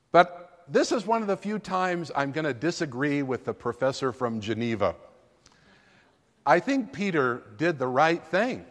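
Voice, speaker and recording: Man preaching a sermon, takes it slow, voice rises and falls a lot, big echo tail in the sanctuary. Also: on the high side, a bit bright. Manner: emphatic, dramatic preaching delivery. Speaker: pastor. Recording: long reverb of a large room.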